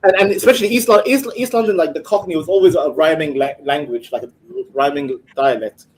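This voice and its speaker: A man's voice: a little high, brisk, slight background noise, low-quality recording. A man in a casual chat who jokes, laughs often and stumbles through restarts.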